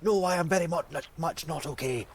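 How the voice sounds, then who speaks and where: A man's voice: a little high, a little fast, gravelly, slight background noise, voice pushed up. A man doing a frantic, jittery courier. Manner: nervous and jittery. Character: frightened male courier hiding on boat.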